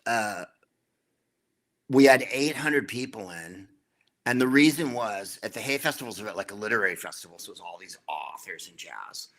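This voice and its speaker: A middle-aged man, a comedian guest in an interview, telling anecdotes in a wry, dry way with quick asides. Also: on the low side, lively intonation, fairly bright tone. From United States.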